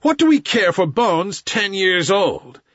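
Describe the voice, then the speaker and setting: A man yelling as a jeering wolf pack. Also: sits high, sing-song, a little slow, dry recording, muffled recording, pitched above the performer's own voice, exaggerated voice. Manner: yelling, snarling. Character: crowd of angry jeering wolves.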